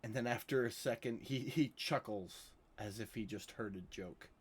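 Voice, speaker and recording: A man's voice: mid-range voice, moderate pace, slightly rough. A man narrating a tabletop game as game master, in a laid-back way with frequent fillers.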